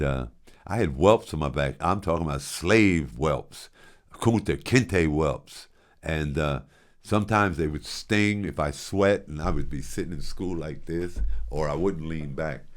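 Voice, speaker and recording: An older man in his sixties, with a fairly low voice, spins a long personal yarn in an easy, conversational way. He jumps between quiet asides and loud bursts, often restarting his sentences as he goes. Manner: animated, big swings in loudness, frequent restarts. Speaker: show host. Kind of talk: casual storytelling.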